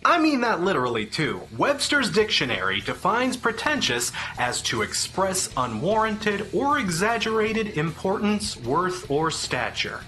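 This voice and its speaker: A man's voice: high voice, sing-song, unhurried, hardly any pauses, sharp tone, soft background music. A man giving an opinionated, sarcastic review of a song, exasperated and crude in his wording. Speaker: music reviewer.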